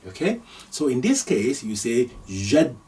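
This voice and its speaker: A man's voice: medium pitch, very animated, unhurried, a little mellow, recorded from a distance. A man from Nigeria teaching Arabic letters step by step, patiently repeating each sound and chuckling now and then. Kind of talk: slow step-by-step lesson.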